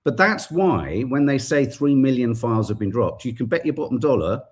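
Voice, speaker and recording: Husky, indignant podcast host. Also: male voice, mid-range voice, big pitch swings, moderate pace, a little mellow. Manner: impassioned, indignant, swears. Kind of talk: political commentary podcast.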